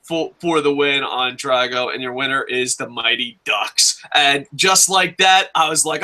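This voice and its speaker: Bright-voiced excitable man. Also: mid-range voice, measured pace, hardly any pauses. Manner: excitable, profane, jokey, shouts in bits. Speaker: wrestling review host. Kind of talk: casual podcast chat.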